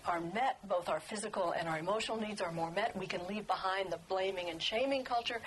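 An older woman, a book author, telling stories at a talk in a lively, laughing way. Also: medium pitch, slight background noise, low-quality recording. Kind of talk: storytelling talk.

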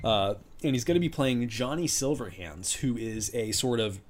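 A man's voice: mid-range voice, moderate pace. A man chatting casually as a podcast co-host, rambling with lots of fillers and restarts. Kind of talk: casual chat.

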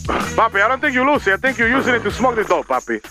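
A man voicing a brash, bossy Spanish-speaking Santa in an improvised comedy sketch, loud and blustering with Spanish words mixed in. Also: very high voice, very animated, rapid-fire, faint music behind, pitched above the performer's own voice, full character voice.

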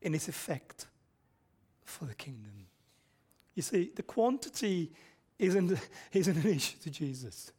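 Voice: mid-range voice, lively intonation, measured pace, mellow, breathy edge. A preacher giving a conversational sermon, asking the congregation questions and chuckling mid-sentence. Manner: conversational, quizzes the congregation, frequent rhetorical questions.

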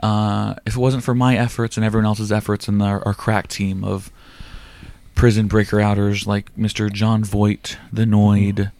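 A man's voice: lowish voice, little pitch movement, normal speed, a little mellow. A man hosting a comedy podcast, joking sarcastically with lots of ums and uhs. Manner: joking, sarcastic, many fillers. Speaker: podcast host. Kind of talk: casual comedy podcast chat.

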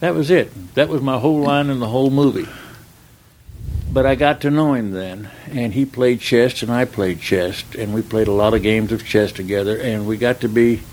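An older stuntman tells rambling, folksy stories in a casual interview, full of "uh"s and dialogue he acts out. His voice is mid-range and a bit mellow at a moderate pace. The audio is poor, with slight background noise.

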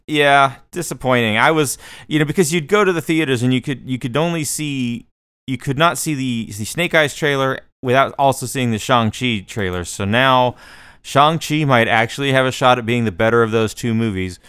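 A man co-hosting a podcast, chatting casually about movies and telling the story with emphatic, animated delivery. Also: medium pitch, normal speed, clean tone, no room sound. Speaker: podcast co-host. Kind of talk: casual movie review chat.

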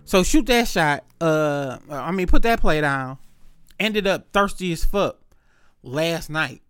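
Young guy w/ ranting a story, cussing a lot, slightly high voice, dead dry mic. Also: slow, clear, resonant tone, no echo. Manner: animated, profane, acts out both sides of the story. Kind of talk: casual storytelling rant.

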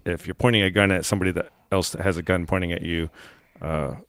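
A man's voice: low voice, fairly even intonation, quick pace, a bit bright, no echo. A man co-hosting a podcast in casual chat, rambling with many fillers and restarts and laughing often. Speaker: podcast co-host.

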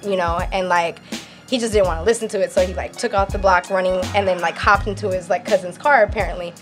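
A woman's voice: fairly low pitch, fast, over music. A woman in casual chat, telling a story with lots of laughter and cursing. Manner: animated storytelling, frequent laughter, profanity.

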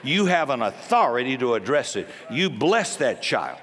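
A man preaching a sermon as pastor, forceful and blunt, with jokes and sudden commands. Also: mid-range voice, very animated, moderate pace. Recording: long hall reverb.

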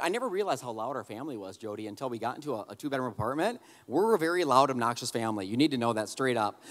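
A man preaching a sermon, telling a humorous family story in an animated, conversational way and addressing the crowd directly. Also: fairly high pitch, big-room sound. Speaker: pastor.

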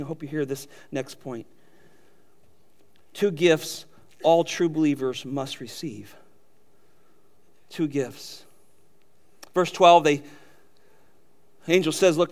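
A man with a notably high voice delivers a sermon. He preaches earnestly, stacking short emphatic phrases and asking his listeners questions. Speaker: pastor.

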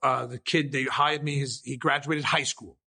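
A man, a comedian and guest, telling stories in casual chat with animated, profane energy, recorded indoors in an old mansion. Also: medium pitch, normal speed, breathy edge.

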